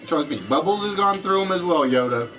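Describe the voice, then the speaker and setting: A man's voice: fairly high pitch, animated, a little fast, fairly bright tone, soft background music, rough recording. Chatty Southern US man hosting a game show. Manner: chatty, greets and answers viewers from the chat.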